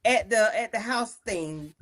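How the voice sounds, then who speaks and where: A woman's voice: medium pitch, measured pace, a loud crowd. A woman hosting a casual livestream panel recapping a reality show, talking bluntly with lots of swearing. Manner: blunt, animated, profane.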